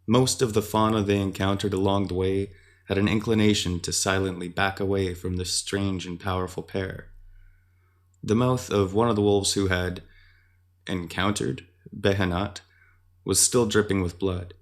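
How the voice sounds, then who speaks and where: Deep voiced guy reading a dark fantasy story, steady and measured. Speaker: narrator. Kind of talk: scripted fantasy narration.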